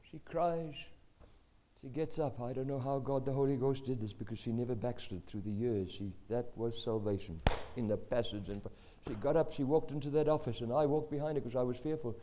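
A man's voice: medium pitch, fairly quick, dark tone, a little hiss or hum. A male preacher telling a personal testimony in an emphatic, dramatic storytelling style. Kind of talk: sermon testimony.

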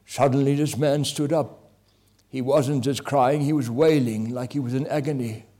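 A man preaching a testimony sermon, impassioned, with swings between loud and hushed delivery. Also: medium pitch, fairly even intonation, moderate pace.

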